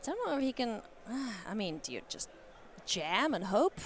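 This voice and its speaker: A woman doing live card game commentary at a tournament, playful and quick to laugh. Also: a little hiss or hum. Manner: playful, laughs often, animated swings in pitch. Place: convention hall.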